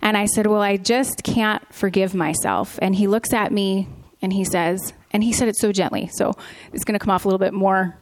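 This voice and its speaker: Woman talking about her faith, earnest, lots of ums, mid pitch. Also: flat delivery, brisk, hardly any pauses, darkish tone. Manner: earnest, with frequent ums and restarts. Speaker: podcast co-host. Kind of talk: candid Christian testimony.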